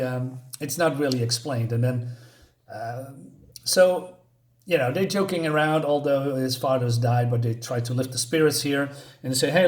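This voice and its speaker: A man giving a casual spoken comic book review, rambling and hesitant, with many fillers. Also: fairly high pitch.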